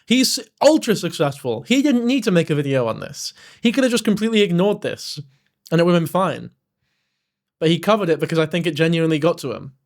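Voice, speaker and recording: Animated streamer, high voice. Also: male voice, fast. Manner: animated, swearing, bursts of loud laughing exclamations. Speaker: streamer reacting to a video. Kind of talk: live-stream reaction commentary.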